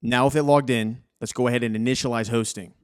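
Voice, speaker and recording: A man's voice: mid-range voice, steady tone, fast, clear, resonant tone. A young adult man hosting a screen-recorded coding tutorial, casual and encouraging as he talks viewers through each step.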